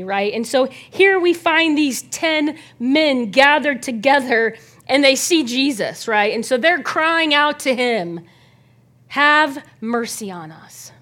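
A woman's voice: fairly high pitch, fairly bright tone. Chatty woman teaching a Bible lesson. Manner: conversational, asks listeners to imagine, frequent "right?".

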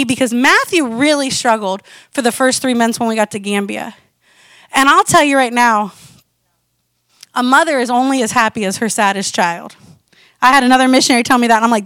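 A high-pitched woman in her forties tells her missionary testimony from the pulpit, animated and conversational. The sound is dry and close, with no room around her voice. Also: normal speed, no room sound. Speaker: missionary speaker. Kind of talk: testimony sermon.

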